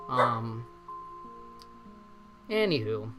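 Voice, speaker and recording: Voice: medium pitch, moderate pace, loud music behind the voice. A streamer in their forties, chatting casually and self-deprecatingly from a bedroom, swearing freely and laughing often. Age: 40s. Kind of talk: casual live-stream chat.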